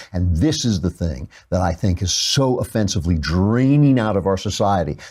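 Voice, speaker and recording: A man's voice: lowish voice, dark tone, slightly rough. A man hosting a talk show, delivering an emphatic, sarcastic opinion monologue.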